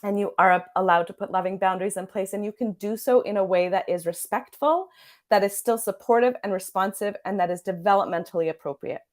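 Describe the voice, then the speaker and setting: Woman, mid-pitched parenting coach, earnest teaching to camera. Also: fairly even intonation, a little fast. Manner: earnest, checks in with "okay?".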